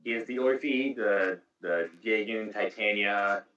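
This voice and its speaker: A man's voice: on the low side, unhurried, bright, forceful tone, soft background music. A man hosting a casual podcast chat about video games, explaining game details at length. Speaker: podcast host. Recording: echoey room, distant mic.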